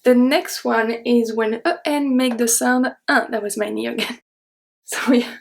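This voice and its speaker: Slow-speaking woman teaching French pronunciation. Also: a little high, steady tone, creaky. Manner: slow, careful enunciation of example words. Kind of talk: online language lesson.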